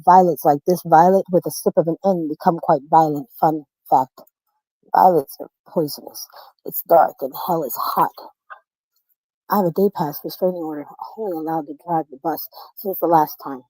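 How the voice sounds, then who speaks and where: A woman performing spoken-word poetry dramatically, swinging between loud bursts and low menacing murmurs over a streamed call. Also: fairly even intonation, moderate pace, no echo, poor audio. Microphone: video call stream.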